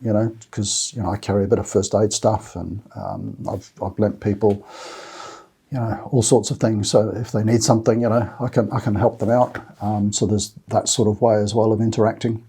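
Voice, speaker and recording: A man's voice: fairly low pitch, little pitch movement, moderate pace, warm tone, slightly rough. An Australian man hosting a walking-trip channel, chatting casually to camera in a rambling way with many fillers and restarts. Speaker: Camino walking channel host. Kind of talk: casual talk to camera with notes.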